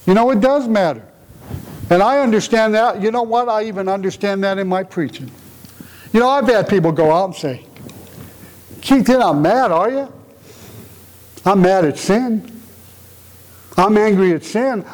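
A man's voice: high voice, a little mellow, rough recording. A man preaching a conversational sermon in an earnest, emotional way, often asking rhetorical questions. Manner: emotional, tender-hearted delivery.

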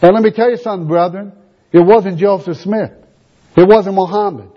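A man's voice: high-pitched, normal speed, slightly rough. A man preaching a sermon, emphatic, reading scripture and repeating rhetorical questions. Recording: dull lo-fi recording.

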